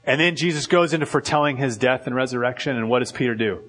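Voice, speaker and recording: A man preaching a sermon as pastor, in a loose conversational way full of "like" and quick restarts. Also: mid-range voice, fairly bright tone.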